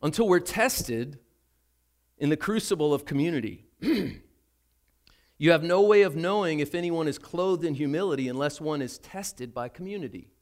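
Older man, pastor, sermon, chatty storytelling, self-mocking humor, somewhat high voice. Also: lively intonation, moderate pace.

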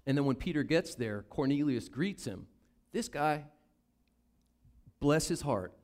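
A man's voice: fairly high pitch, a little slow. A man with a Southern US accent preaching a sermon, acting out the Bible characters' lines. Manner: animated, acts out Bible characters in voices. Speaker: pastor.

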